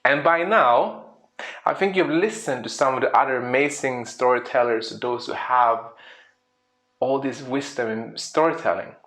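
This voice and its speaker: A man's voice: medium pitch, normal speed. A man, a speaker and coach, giving a storytelling presentation, asking the audience questions and acting out little scenes. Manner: lively, acts out little scenes in quoted voices.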